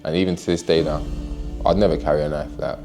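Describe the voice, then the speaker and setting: A man with a London accent talks quickly and candidly in an interview, his voice sitting very low. He is animated and slangy, cursing freely as he recounts events. Music plays clearly under his voice. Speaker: interviewee, knife crime campaigner.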